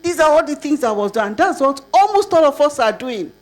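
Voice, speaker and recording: An older woman with a Nigerian accent giving a conference talk, lively and asking the audience rhetorical questions. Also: sits high, brisk. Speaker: conference speaker.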